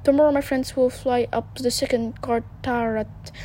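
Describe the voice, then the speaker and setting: A woman's voice: a little high, steady tone, normal speed, mellow, a little hiss or hum. A woman reading a fairy tale aloud, stumbling over words, correcting herself, and dropping casual asides. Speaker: reader.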